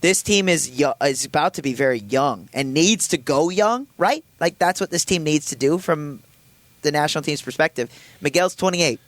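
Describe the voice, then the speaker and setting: A man's voice: a little high, no echo. A man co-hosting a sports podcast, blunt and opinionated with a self-mocking streak. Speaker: podcast co-host. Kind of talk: casual sports podcast chat.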